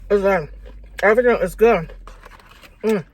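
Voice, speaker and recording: A woman food vlogger talking casually and excitedly between bites in an eating vlog, with slangy, chatty speech. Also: mid-range voice, measured pace. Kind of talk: mukbang eating vlog chat.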